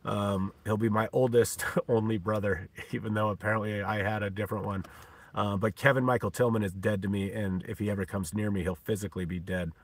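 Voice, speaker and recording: A man's voice: on the low side, fairly even intonation, brisk. A man talking in a rambling, profane vlog monologue from a parked car, full of ums and laughs. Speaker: vlogger.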